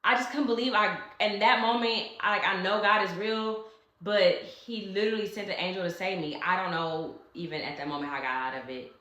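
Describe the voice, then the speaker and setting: A woman's voice: medium pitch, fairly even intonation, a little fast, sharp tone, reverberant. A woman narrating a personal story in a storytime vlog, emotional and conversational, talking straight to her viewers. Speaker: vlogger.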